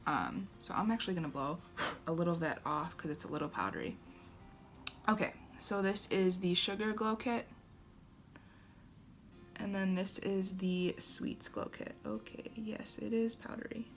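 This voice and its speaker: A woman's voice: fairly low pitch, lively intonation, moderate pace, pauses often, faint music behind. Chatty young woman reviewing makeup. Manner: chatty, hesitant, many fillers and restarts. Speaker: beauty vlogger. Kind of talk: casual product review.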